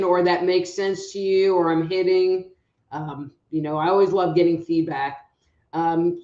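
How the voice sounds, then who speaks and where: A rambling, chatty woman hosts a live online show with a fairly low voice. The sound is a bit roomy and dull, like a home stream. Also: darkish tone. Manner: chatty and rambling, calls out audience members by name. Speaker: psychic reader hosting a live online show. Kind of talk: casual live-stream chat.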